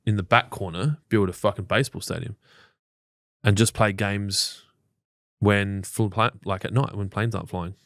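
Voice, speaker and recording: A man's voice: fairly low pitch, fairly even intonation, moderate pace, fairly bright tone, dry recording, studio quality. A man with an Australian accent co-hosting a casual live show, joking and swearing freely. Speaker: podcast co-host.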